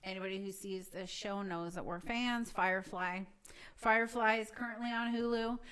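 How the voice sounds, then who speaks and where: A woman's voice: mid-range voice, steady tone, moderate pace, a bit bright, clear, resonant tone. A woman co-hosting a casual show-review chat, upbeat and enthusiastic in her recommendations. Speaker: podcast co-host.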